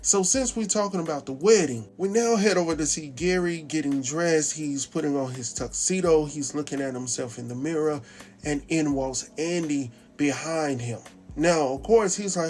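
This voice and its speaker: A man's voice: fairly high pitch, moderate pace, a little mellow, soft background music. A man giving a casual episode recap, retelling scenes in a chatty way with quoted dialogue and his own asides. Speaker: TV recap host.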